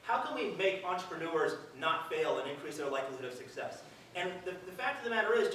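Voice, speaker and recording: A man's voice: sits high, a bit bright, a little hiss or hum. Man speaking in a very echoey hall. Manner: conversational, earnest with dry self-mocking humor. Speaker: event speaker. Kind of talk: public speech to an audience. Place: large hall at a live event. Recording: very echoey hall, distant mic.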